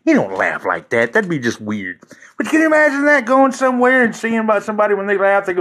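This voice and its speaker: A man hosts a casual livestream, joking and rambling with his viewers. His voice sits a little high for a man and swings widely in pitch as he talks. He laughs often and keeps the tone loose. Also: sing-song, fast talker, fairly bright tone, a little hiss or hum. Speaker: livestream host chatting with viewers.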